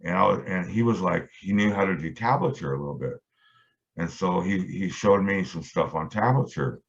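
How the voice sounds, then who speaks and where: A middle-aged guitarist, interviewed as a guest, tells a long, rambling story full of fillers and restarts. His voice is low and creaky, moving at a moderate pace. The audio is dull and lo-fi.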